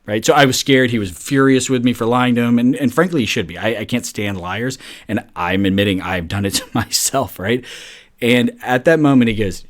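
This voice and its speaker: A middle-aged man with a fairly low voice hosts a podcast alone. He tells a workplace story in a casual, loose monologue and keeps tagging his sentences with "right?" and "like." He sounds relaxed and conversational rather than scripted. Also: moderate pace. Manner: chatty, loose, peppered with "like" and "right?". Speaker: podcast host.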